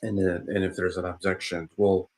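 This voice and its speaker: A man talking casually on a podcast, rambling with frequent restarts and fillers, and turning animated when he mimics other people. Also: sits low, moderate pace. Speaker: podcast speaker. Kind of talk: casual conversational podcast talk.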